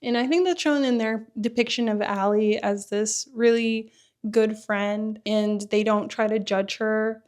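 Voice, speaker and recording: A woman's voice: mid-range voice, fairly even intonation, measured pace, darkish tone. A woman recapping and critiquing a TV show in a chatty, opinionated way, with lots of casual fillers. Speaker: vlogger reviewing a TV show. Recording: faint background music.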